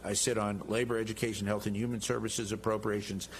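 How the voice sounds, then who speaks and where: A man's voice: on the low side, flat delivery, quick pace, a little hiss or hum. A middle-aged man being interviewed as a guest congressman, talking in an emphatic, boastful and jovial way. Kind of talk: interview talk.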